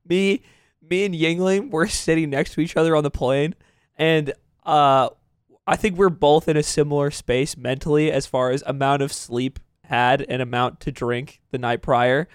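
A young man with a higher voice tells a rambling story in casual podcast chat, laughing as he goes. The mic is close and dry. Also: steady tone, normal speed, clear, resonant tone, no echo. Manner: rambling, laughs at his own stories. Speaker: podcast co-host.

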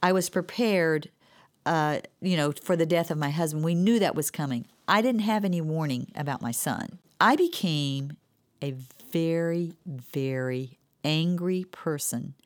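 A middle-aged woman in a faith-based conversation, telling her grief story earnestly and haltingly. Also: low-pitched. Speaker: co-host sharing grief experience.

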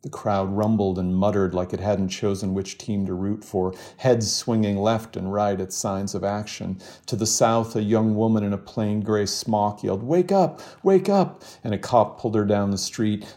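A man, a novelist, reading from his novel in a steady, measured voice and then chatting in an interview. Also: on the low side. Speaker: novelist guest.

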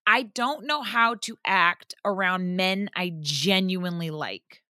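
A woman with a bright, forceful voice chats on a podcast. She tells a lively story full of casual swearing and acts out each quote. Her voice sounds dry and close to the mic. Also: on the low side, takes it slowly, dry recording. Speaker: podcast guest. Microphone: headphones on, podcast mic.

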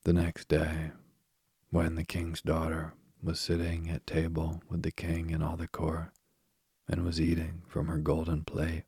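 A man narrating a bedtime story softly and soothingly, close to the mic. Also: rumbling low, completely flat delivery, slightly rough, no room sound. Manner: slow, soft-spoken, soothing.

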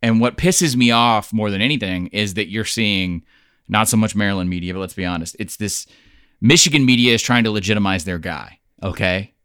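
A man's voice: lowish voice, a little fast, fairly bright tone, clear, resonant tone, dry recording, clean studio sound. A man co-hosting a casual sports talk show, blunt and opinionated, swearing freely as he argues his point. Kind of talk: casual sports podcast debate.

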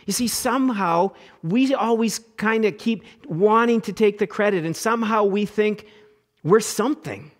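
A middle-aged man preaching a sermon as pastor, animated, acting out quoted voices and repeating words as he goes. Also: high voice, moderate pace.

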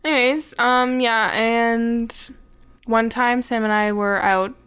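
A woman's voice: a little high, steady tone, takes it slowly, a bit bright, clear, resonant tone. A young woman chatting casually on a podcast, telling a story in a frank, swearing, laughing manner. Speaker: podcast guest, host's fiancée.

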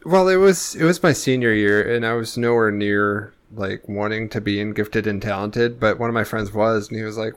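A man's voice: fairly low pitch, brisk, hardly any pauses, clean tone. A man co-hosting a casual gaming podcast, telling joking anecdotes with frequent laughs. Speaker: podcast co-host. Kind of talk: casual chat.

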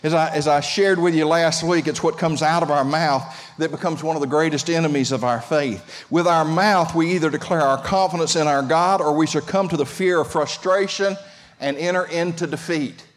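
A pastor preaching a sermon, talking conversationally and calling out to the congregation. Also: male voice, fairly high pitch, fairly even intonation, normal speed. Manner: conversational preaching with audience call-outs.

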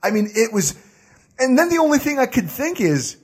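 A man with a high, husky voice tears into the topic on a casual sports podcast. His delivery is animated and full of laughter, swooping up and down in pitch as he rants. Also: moderate pace. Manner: animated, ranting, laughs often.

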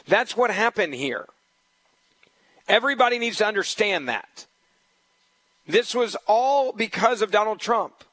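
A man's voice: sits high, animated, moderate pace, long pauses, a bit bright, no echo, rough recording. A man hosting a political talk radio show, delivering a combative, emphatic monologue and repeating his points. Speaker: fill-in radio talk host.

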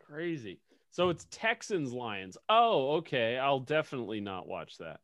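A man's voice: medium pitch, big pitch swings, a little slow, fairly bright tone, dry recording. A man co-hosting a casual sports podcast, swearing a lot and laughing at his own stories. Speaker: podcast co-host.

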